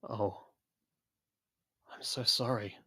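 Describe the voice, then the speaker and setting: A man voicing a male time traveller, energetic and guilt-ridden, speaking briskly in an audiobook reading. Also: fairly low pitch, husky, no room sound, heavily acted.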